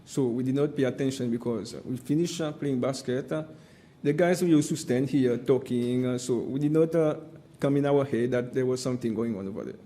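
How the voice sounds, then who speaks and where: Testifying in English at a public hearing, a witness from Seychelles, a native Seychellois Creole speaker, talks in a dark, warm, mid-range voice. He halts often, fills gaps with "uh," and drives his argument home by repeating "my friend" insistently.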